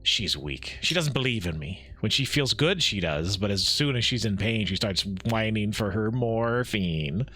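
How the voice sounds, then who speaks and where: A man streaming a game live, reading the dialogue aloud with quick asides and frequent laughs. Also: lowish voice, expressive, bright, forceful tone, soft background music.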